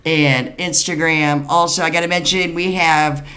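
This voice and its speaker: A woman comedian chatting as a guest on a podcast, quickly rattling off dates and names with excitement. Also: sits low. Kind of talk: casual podcast chat, plugging shows.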